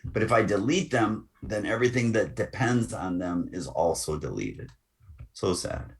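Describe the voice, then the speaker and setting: A man giving a screen-recorded software lesson as the instructor, talking through each click with casual asides. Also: lowish voice, expressive, moderate pace.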